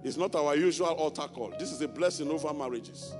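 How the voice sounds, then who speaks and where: A fairly high-voiced man preaches with fervor, repeating phrases and sliding into a sing-song cadence, now and then speaking in tongues. His voice rings through a large church with a long reverb tail, and music plays clearly underneath. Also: fairly quick, few pauses. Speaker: pastor. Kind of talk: sermon with altar call. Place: church sanctuary.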